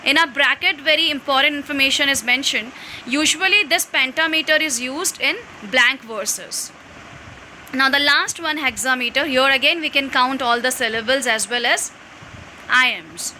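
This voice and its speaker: A woman's voice: sits high, normal speed, sharp tone, slight background noise, rough recording. A woman explaining a lesson from slides, step by step with restarts. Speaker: English teacher.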